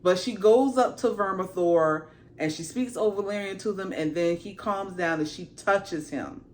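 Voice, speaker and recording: A woman's voice: mid-range voice, moderate pace, a little hiss or hum. A woman reviewer giving a casual, slangy episode recap, acting out the characters as she goes. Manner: animated, slangy storytelling with acted-out asides. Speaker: TV show reviewer.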